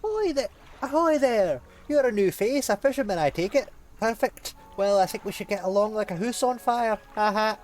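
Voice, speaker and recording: A man's voice: sits high, animated, moderate pace, few pauses, voice pushed up. A man voicing a cheery traveling merchant in a video game, hearty and boisterous.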